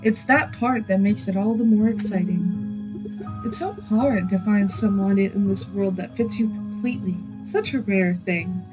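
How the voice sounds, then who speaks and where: A woman's voice: medium pitch, a little slow, over music, lightly acted, rough recording. A woman voicing an older rancher woman who talks in a homespun way, full of folksy sayings.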